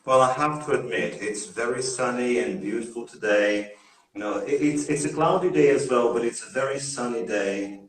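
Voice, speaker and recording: A middle-aged man from northeast Brazil, speaking English with a British-style accent, talking in a relaxed, friendly way on a video call as the guest teacher. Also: mid-range voice, normal speed. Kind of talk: casual chat on a video call. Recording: echoey room over a video call.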